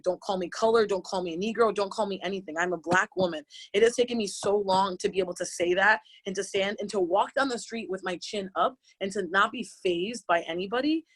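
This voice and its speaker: A woman in her late twenties, a yoga teacher speaking on a panel, talking through tears in an impassioned, halting way with many restarts. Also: mid-range voice, breathy edge. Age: late 20s. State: crying, tearful. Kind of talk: emotional personal testimony on a panel.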